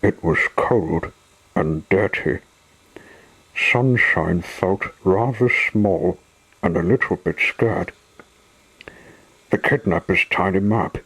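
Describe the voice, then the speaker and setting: A male storyteller reading a children's book aloud, taking his time with each sentence. His voice sits low and sounds breathy. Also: takes it slowly, pauses often, fairly bright tone, poor audio.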